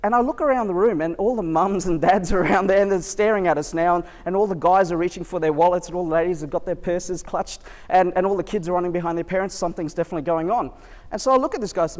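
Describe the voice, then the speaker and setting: A man's voice: high-pitched, fast. A man giving a live keynote talk, telling a story in a chatty way and asking the audience questions. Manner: chatty storytelling, quizzes the crowd. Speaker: keynote speaker. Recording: hall reverb from a live venue.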